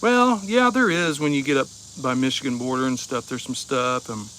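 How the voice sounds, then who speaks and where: An easygoing man from Ohio chats with viewers on a livestream while he sits outside at his table. His voice sits at an ordinary middle pitch, his manner relaxed and joking, with a soft chuckle never far off. A faint hush of outdoor noise runs under the recording. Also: normal speed. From Ohio, USA. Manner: laid-back, chuckling often, easygoing and joking. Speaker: livestream host. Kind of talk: casual livestream chat. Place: outdoors behind the house, with insects.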